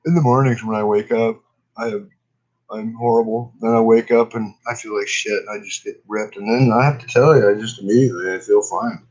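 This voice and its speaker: A man's voice: medium pitch, brisk, a little mellow, highs cut off. A stoned man, coughing often, rambling in a laid-back, profane way during a casual cannabis vlog session. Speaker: cannabis vlogger. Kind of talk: casual smoking session chat.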